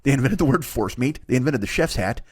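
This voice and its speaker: A man in his forties hosting a comedy podcast, riffing through a profane, excitable monologue. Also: medium pitch, quick pace, husky, no room sound, clean studio sound. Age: 40s.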